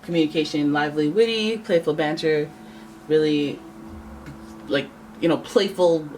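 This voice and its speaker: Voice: medium pitch, normal speed, darkish tone. A tarot reader from Canada, giving a casual, joking reading to camera and thinking aloud. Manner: chatty, joking, thinks aloud and corrects itself. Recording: voice a little far from the mic, faint background noise.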